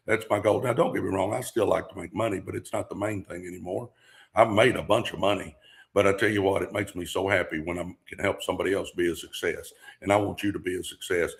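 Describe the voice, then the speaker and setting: Fired-up gravelly motivational speaker man. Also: on the low side. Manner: preacher-like, fired up, repeats catchphrases. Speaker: podcast host. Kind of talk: motivational talk on a livestream.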